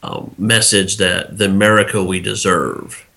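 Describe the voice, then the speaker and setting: Male podcast co-host, lower pitch, bright tone; loose, rambling talk. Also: fairly even intonation, unhurried, gravelly, slight background noise. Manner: rambling, many fillers and restarts. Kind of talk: casual political commentary.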